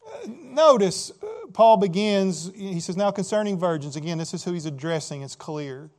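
A man's voice: sits high, expressive, normal speed. Emphatic man preaching a sermon. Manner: emphatic, rhetorical questions, shifting loudness. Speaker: pastor. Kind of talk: expository sermon.

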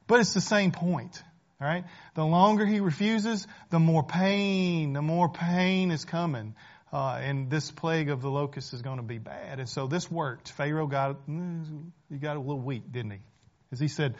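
Man preaching, slightly high voice. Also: moderate pace, lo-fi sound. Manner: conversational preaching, rising to emphatic and dropping to hushed. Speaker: pastor. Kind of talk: sermon.

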